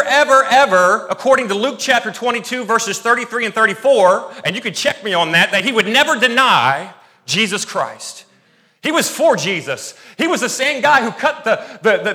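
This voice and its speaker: Man, pastor, sermon, high voice, bright tone, animated, digressive asides. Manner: animated, digressive preaching with self-corrections and asides.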